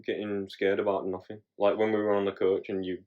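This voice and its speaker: A man chatting casually on a podcast, chuckling and swearing in a relaxed way. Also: fairly low pitch, fairly quick, narrow, tinny audio. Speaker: podcast co-host. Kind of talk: casual chat.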